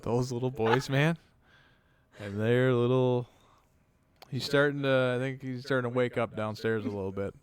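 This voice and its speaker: Rambling dad telling a story. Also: male voice, medium pitch, steady tone, normal speed. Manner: rambling anecdotes with acted-out dialogue, swears freely. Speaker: podcast co-host. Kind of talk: casual storytelling chat.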